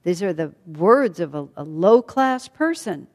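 A woman's voice: fairly low pitch, big pitch swings, unhurried, a little mellow. A woman voicing a proud adult queen who protests with rising indignation. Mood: indignant. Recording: long hall reverb.

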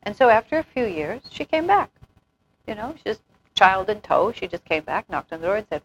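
A woman's voice: medium pitch, sing-song, a little fast, vocal fry, a little hiss or hum, rough recording. A woman giving an informal spiritual talk, telling anecdotes, acting out quotes and laughing often. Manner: chatty storyteller, laughs often, acts out quotes. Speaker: spiritual teacher.

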